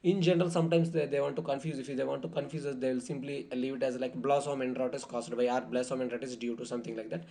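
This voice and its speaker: A man's voice: medium pitch, little pitch movement, fast, vocal fry, hardly any pauses, mellow. A man going through exam questions in a lecture, with many fillers and frequent self-corrections. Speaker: exam tutor.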